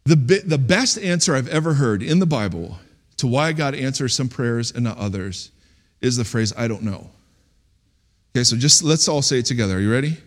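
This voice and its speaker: A man preaching a sermon as a pastor, in a conversational, animated way with sudden loud outbursts. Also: mid-range voice, normal speed.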